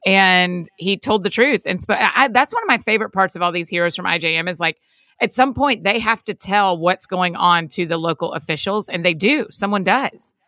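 A woman's voice: lowish voice, normal speed, pushed and bright, no echo. A woman co-hosting a podcast, chatting casually and reading a sponsor story in a chatty, laughing way. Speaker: podcast co-host. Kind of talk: casual chat and sponsor read.

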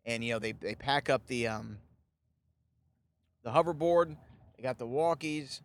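A man's voice: mid-range voice, a little slow. A man hosting a podcast, casually recapping a movie in a rambling way, full of "you know" fillers and the odd chuckle. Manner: chuckles at his own remarks. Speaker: podcast host.

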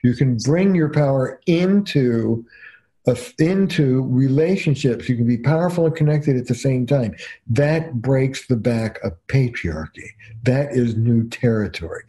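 A man's voice: mid-range voice, moderate pace. A man, a couples therapist, telling stories emphatically as a guest on a podcast interview. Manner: emphatic, animated storyteller.

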